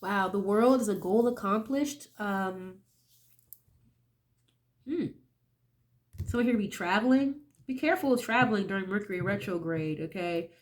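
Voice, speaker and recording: A young woman who's getting over a cold gives a casual tarot reading, chatty and sniffly, in a medium-pitched voice at a moderate pace with long pauses. She keeps checking in with "okay?" and swears casually.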